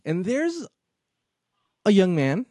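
A man in casual podcast chat, retelling movie scenes in a lively way and acting out the lines. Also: high voice, slow pace, no echo, clean studio sound. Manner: animated storytelling, acts out movie lines. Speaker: podcast co-host.

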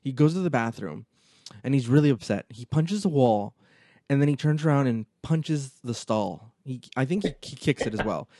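Man, podcast co-host, mellow dark voice, dry sound, retells scenes with acted-out lines. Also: mid-range voice, normal speed, no echo. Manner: animated storytelling, acts out movie lines. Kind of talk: casual chat.

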